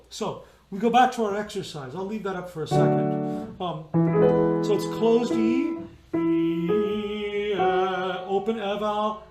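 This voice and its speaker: A man's voice: sits high, echoey room. A man leading an online choir rehearsal, patiently explaining vowels and singing them as he demonstrates. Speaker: choir director.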